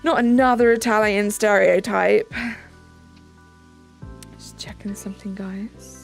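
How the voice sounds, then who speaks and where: Chatty British woman, gravelly edge. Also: medium pitch, fairly even intonation, slow. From Britain. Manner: chatty, reads out and answers chat, thanks viewers. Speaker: live-stream host. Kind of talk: casual live-stream chat. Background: faint background music.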